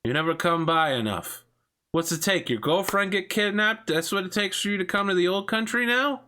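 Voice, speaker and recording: A man voicing an older male crime boss and father who speaks with cold, menacing calm. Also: high voice, normal speed, slight background noise, pitched above the performer's own voice. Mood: warmly scolding.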